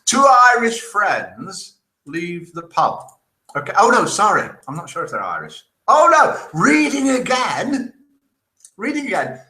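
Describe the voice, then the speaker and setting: This live online show host talks at a normal speed in a sharp, fairly high voice with huge swings in pitch. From a room in Spain with a roomy echo, he chats casually, reads viewer comments aloud, and laughs at the jokes he tells.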